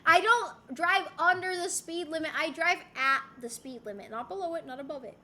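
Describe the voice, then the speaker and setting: A woman's voice: very high-pitched, moderate pace, sharp tone, a little hiss or hum. A young woman streamer chatting candidly with her chat from home, swearing freely and rambling with restarts. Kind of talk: casual chat.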